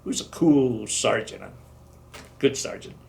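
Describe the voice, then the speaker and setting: A man's voice: lowish voice, a little slow, creaky, darkish tone, a little hiss or hum. A man in his seventies, a veteran in an oral history interview, telling his stories in a rambling way and acting out the dialogue. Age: 70s. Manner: rambling storytelling, acts out dialogue.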